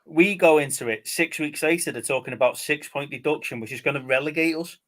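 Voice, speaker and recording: A man's voice: fairly high pitch, a little fast, a bit bright. A man co-hosting a live stream chat, talking casually, swearing freely and laughing often. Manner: swears freely, laughs often, repeats words when starting.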